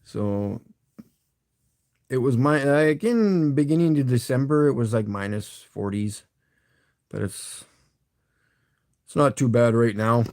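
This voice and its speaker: A man's voice: mid-range voice, expressive, slow pace, long pauses, a little mellow, no echo, studio quality. Rambling Canadian man chatting to his stream. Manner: rambling, chuckling, talks to chat. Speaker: live streamer. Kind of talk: casual live-stream chat.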